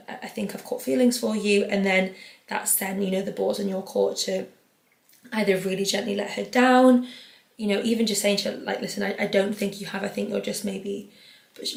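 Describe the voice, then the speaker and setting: A woman's voice: medium pitch, vocal fry. A young British woman hosting an advice podcast, chatting casually with lots of "like" and reading out listener letters. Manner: chatty, fills nearly every phrase with "like"; reads out listener letters, then answers them. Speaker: podcast host giving advice. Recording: roomy echo.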